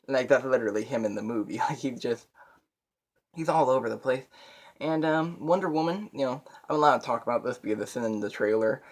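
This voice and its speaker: A man's voice: medium pitch, fairly quick. A young man giving a casual movie review, rambling and profane, with laughs between his points.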